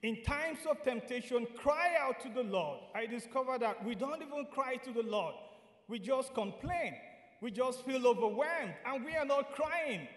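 A man from Nigeria preaching a sermon, earnest and repeating key phrases, sometimes singing lines slowly. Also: very high voice, reverberant, in a large hall.

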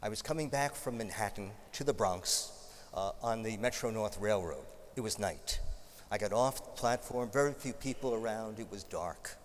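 A man's voice: fairly low pitch, expressive, normal speed, a little hiss or hum. Man preaching a chatty sermon in a reverberant church. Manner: conversational storytelling with humorous asides.

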